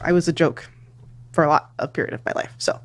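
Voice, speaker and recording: A woman's voice: low voice, steady tone, quick pace. A woman guest in a money interview, talking in a playful, unbothered way. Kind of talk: casual chat.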